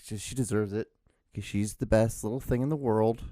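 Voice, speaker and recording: A home-based podcast host, not from the US, rambles casually on his own with many stammered restarts and plenty of swearing. His voice is fairly low, warm, and steady at a normal pace, picked up by a podcast mic at studio quality with no room sound.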